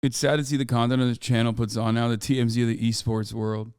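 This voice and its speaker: Man, streamer, casual reaction, crisp smooth voice, dry close sound, rambling. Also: mid-range voice, flat delivery, quick pace, darkish tone, dry recording. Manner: rambling, restarts often, swears casually.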